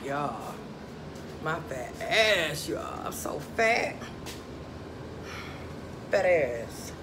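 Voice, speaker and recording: A woman's voice: low-pitched, sing-song, extremely slow, long pauses, background noise. A woman, vlogging casually in a chatty, dramatic, self-mocking way, out of breath. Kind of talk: casual vlog talking to viewers. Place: outdoors by a pool.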